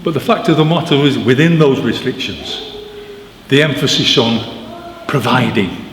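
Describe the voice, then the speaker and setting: A man giving an animated, informal talk to an audience at a book launch, telling stories with emphatic asides. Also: mid-range voice, a little slow. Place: church hall. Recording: echoey church with long reverb, faint noise.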